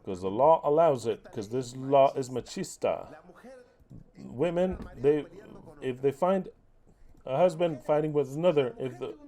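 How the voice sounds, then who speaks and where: A male preacher delivers a heated, combative sermon. His voice is warm and mellow and sits in a middle register. He mocks, curses and presses his listeners with rhetorical questions. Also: mid-range voice, a little slow. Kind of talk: impassioned sermon.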